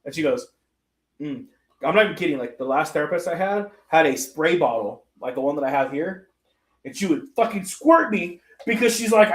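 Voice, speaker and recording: A man on a casual livestream, his voice sitting a bit high for a man. He tells rambling, profane stories at his own expense, and the sound bounces around a roomy, echoey space. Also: lively intonation, a little fast. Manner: rambling, profane, self-mocking storytelling. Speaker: podcast co-host. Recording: echoey room.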